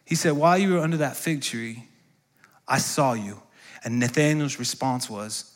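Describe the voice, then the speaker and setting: A man's voice: medium pitch, moderate pace, fairly bright tone. A male pastor preaching a sermon in a church, asking the congregation questions and calling for responses. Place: church sanctuary.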